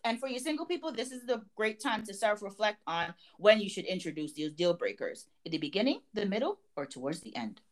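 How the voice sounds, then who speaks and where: A woman's voice: mid-range voice, brisk, hardly any pauses. A young woman from Jamaica, co-hosting a podcast, who tells stories in casual chat and acts out both sides of an argument. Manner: animated storyteller acting out both sides of a quarrel. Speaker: podcast co-host.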